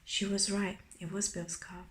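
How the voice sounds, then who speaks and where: Hushed woman reading in a roomy echo. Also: mid-range voice, flat delivery, a little slow. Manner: whispered, hushed, gentle. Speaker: ASMR storyteller. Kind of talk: soft-spoken ASMR reading.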